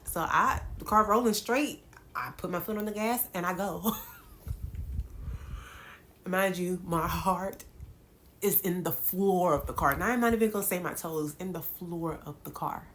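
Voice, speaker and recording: A woman's voice: fairly low pitch, a little slow, pauses often, a little hiss or hum. A woman vlogger, casually telling her viewers a dramatic story, with lots of laughs. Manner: animated, dramatic retelling with laughs.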